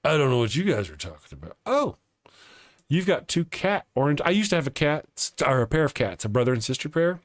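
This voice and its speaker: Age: adult. Sex: man. Role: lively rambling stream host. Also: a little high, brisk, no room sound, studio quality. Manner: rambling, chuckling, reads viewer comments aloud. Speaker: live-stream show host. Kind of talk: casual live-stream chat.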